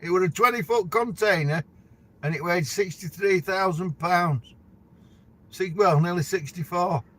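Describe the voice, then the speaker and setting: A man's voice: sits high, unhurried. A middle-aged man with a Yorkshire accent, a truck driver talking casually to camera in a rambling, chatty way. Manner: rambling, chatty, laughs between stories.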